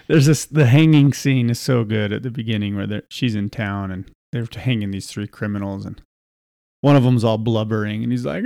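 A man's voice: on the low side, normal speed, vocal fry, warm tone, dry recording, studio quality. A man hosting a podcast, casually and animatedly retelling film scenes with frequent laughs. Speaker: podcast host. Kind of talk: casual chat.

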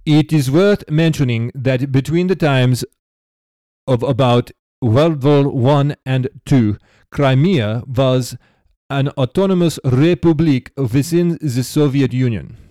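A man's voice: medium pitch, takes it slowly, dark tone, dry recording, studio quality, lightly acted. A man reading out a listener's written reply in a thick, put-on Russian accent that drifts toward a Dracula-like voice. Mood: earnest. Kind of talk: podcast read-aloud in a put-on voice.

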